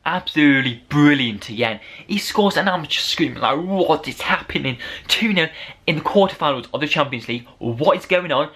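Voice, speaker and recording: A man giving an unedited, casual match review as a football fan vlogger, rambling and excitable, rising to shouts over the goals. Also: on the high side, a little fast.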